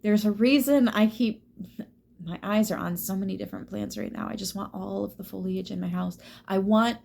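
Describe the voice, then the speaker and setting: A woman giving a tarot reading, emphatic and swearing, dropping now and then into soft whispers. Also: medium pitch, fairly even intonation, moderate pace, creaky. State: teary at times. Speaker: tarot reader.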